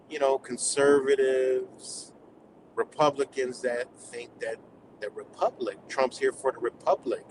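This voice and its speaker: A man's voice: medium pitch, background noise. A man from the United States on a live stream, delivering a heated, profane, rambling rant.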